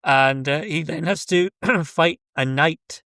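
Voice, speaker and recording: Scottish man, wry joking podcast chat, fairly high voice, dry mic. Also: slow, sharp tone, dry recording. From Scotland. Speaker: podcast guest. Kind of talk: casual chat.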